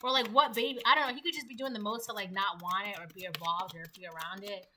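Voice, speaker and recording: A woman's voice: mid-range voice, fast talker, heavy background noise. A woman giving a casual tarot reading, chatty and acting out the voices she quotes. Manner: chatty, acts out quoted voices, laughs at own jokes. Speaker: tarot reader.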